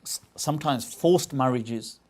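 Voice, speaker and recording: A man's voice: medium pitch, unhurried, darkish tone. A man giving an informal religious lecture, talking conversationally with rhetorical questions and frequent restarts. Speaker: Islamic scholar lecturing.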